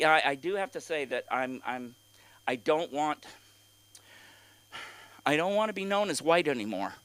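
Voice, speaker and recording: A man doing a stand-up set at an open mic, from California, rambling through halting, crude rants full of fillers and restarts. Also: fairly high pitch, a bit bright, no echo. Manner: crude, exasperated ranting. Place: comedy club stage.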